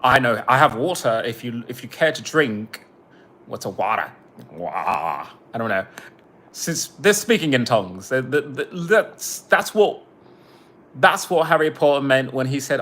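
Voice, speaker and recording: A man's voice: mid-range voice, expressive, unhurried, fairly bright tone. Rambling, profane man on a livestream. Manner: rambling, profane, breaks off to greet viewers. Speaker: independent musician livestreaming. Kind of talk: casual livestream chat.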